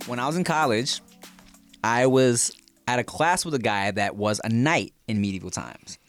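A young man co-hosting a podcast in casual chat, rambling and swearing, quick to laugh. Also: mid-range voice, fairly bright tone, faint music behind. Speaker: podcast co-host.

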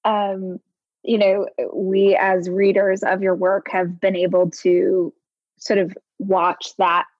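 A woman's voice: mid-range voice, completely flat delivery, slow, dry recording, lo-fi sound. A woman hosting a podcast, asking a thoughtful, slightly hesitant interview question. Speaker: podcast host.

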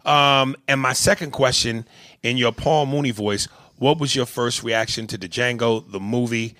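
Bright-voiced, profane podcast host. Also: male voice, mid-range voice, fairly even intonation, a little slow, dry recording. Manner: loose, profane, joking. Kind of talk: casual banter, reading listener mail.

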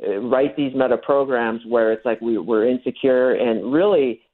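Over a thin-sounding phone connection, a man with a mid-range voice and moderate pace talks on the radio about his work as a dating coach. He lays out his methods and acts out the lines he relies on.

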